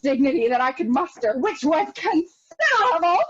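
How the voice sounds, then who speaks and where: Performing for a scene study over a video call, a young actor takes on a neurotic, self-pitying married woman in a rambling, anxious monologue. Her voice sits high and is very animated, at a moderate pace, rising into near-tearful shouts. The call's audio sounds dull and lo-fi.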